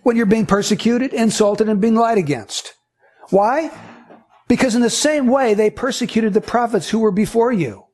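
A man's voice: high voice, moderate pace, a little mellow. A man preaching a sermon, reading scripture aloud and teaching earnestly through rhetorical questions.

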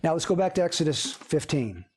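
A man's voice: fairly high pitch, big pitch swings, fairly quick, husky. A man preaching a sermon as pastor, earnest and emphatic, with repeated phrases.

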